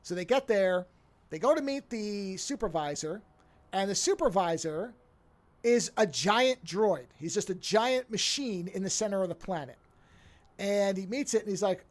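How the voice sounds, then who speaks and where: This podcast host has a medium-pitched voice and speaks at normal speed. Chatting casually, she recaps a TV episode as a lively story, performing the quotes and cursing without restraint.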